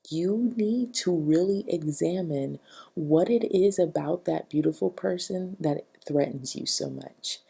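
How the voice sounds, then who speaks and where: A young adult woman with a low, dark voice and gravelly fry. Her tone is husky and breathy, and she talks in a chatty, emphatic way as a vlogger giving advice. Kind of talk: casual talking-head advice.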